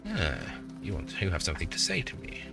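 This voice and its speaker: A man in his forties from northeast England with a northeast English accent, chatting casually while streaming a video game, rambling and swearing freely, with loud excited greetings. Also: deep voice, brisk, creaky, over music. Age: 40s. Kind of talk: casual live-stream chat.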